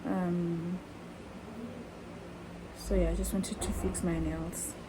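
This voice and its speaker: A woman's voice: lowish voice, flat delivery, slow pace, background noise. A woman chatting in a heartfelt, chatty way to her vlog viewers, calling them guys. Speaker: vlogger. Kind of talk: casual vlog chat.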